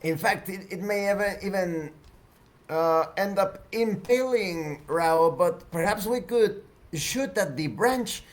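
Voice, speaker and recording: A man's voice: high-pitched, slow, voice pushed up. A man voicing Arisa, a nervous female crew member who stammers and repeats words in a tabletop game. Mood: alarmed.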